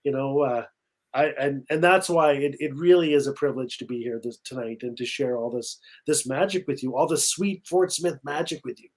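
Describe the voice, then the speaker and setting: A man's voice: medium pitch, a little fast. A middle-aged Canadian man, an author, telling a story in a live video conversation and often repeating himself. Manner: warm storytelling with repetitions and acted quotes. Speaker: author guest.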